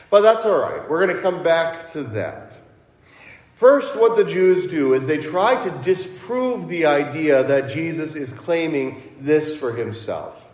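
A male pastor who grew up around Cincinnati, delivering an animated sermon and acting out his opponents' voices. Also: on the high side. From Cincinnati area, US. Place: church sanctuary. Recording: echoey church heard from a distance.

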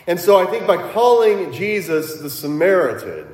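A male pastor who grew up around Cincinnati, delivering an animated sermon and acting out his opponents' voices. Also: high-pitched, moderate pace, hardly any pauses. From Cincinnati area, US. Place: church sanctuary. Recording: echoey church heard from a distance.

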